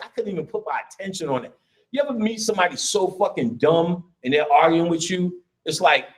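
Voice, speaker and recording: A man giving a casual, profane live lecture, blunt and swaggering, breaking into laughs and shouts as he gets worked up. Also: fairly high pitch.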